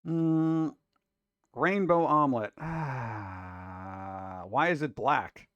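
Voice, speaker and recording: A man's voice: mid-range voice, drawn-out words, fairly bright tone, no echo, dull audio. A man hosting a casual reaction show about food videos, talking in an exasperated, wisecracking way.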